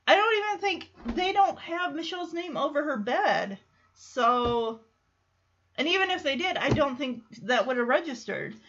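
A woman's voice: sits high, normal speed, lo-fi sound, a little hiss or hum. A woman hosting a podcast, casually recapping a TV episode and acting out the characters' lines. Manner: animated retelling with acted-out quotes. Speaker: podcast host.

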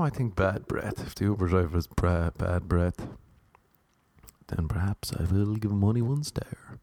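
Low-voiced man telling wry rambling stories. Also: lively intonation, normal speed, a little mellow, no room sound. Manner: rambling, wry, self-deprecating humour. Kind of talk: casual solo storytelling monologue.

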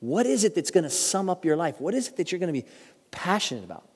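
A man's voice: sits high, big pitch swings, fast talker, breathy edge. Preaching man in a reverberant hall. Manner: earnest storytelling preacher, shifts pace for emphasis. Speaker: pastor. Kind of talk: sermon. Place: church sanctuary.

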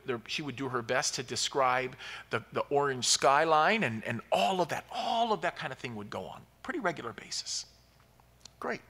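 Bright-voiced preacher in a reverberant hall. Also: male voice, mid-range voice. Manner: storytelling, building to loud emphatic peaks. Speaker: pastor. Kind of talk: sermon.

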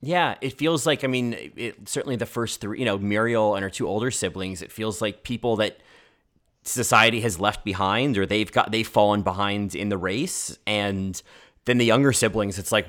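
Chatty low-voiced man. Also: normal speed, a bit bright. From United States. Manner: chatty, many filler "like"s and restarts. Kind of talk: casual film discussion.

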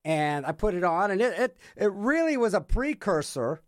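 A man's voice: high voice, sing-song, moderate pace, no echo. Middle-aged guy djing on the radio, rambly and sarcastic, voice jumps all over, dry close mic. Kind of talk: casual rambling radio chat. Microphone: studio microphone.

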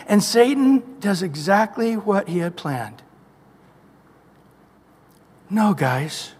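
Male pastor, high pitch, emphatic preaching style, echoey hall with long reverb. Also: big pitch swings, slow pace, long pauses, darkish tone, slightly rough. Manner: emphatic, repetitive preaching with scripture quotes. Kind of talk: sermon.

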